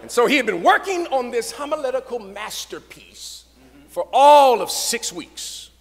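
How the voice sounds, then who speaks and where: A male pastor giving a lecture with preached storytelling in a dramatic cadence. He swings between shouting and hushed tones. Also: very high-pitched, sing-song, unhurried. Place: lecture hall. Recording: reverberant lecture hall.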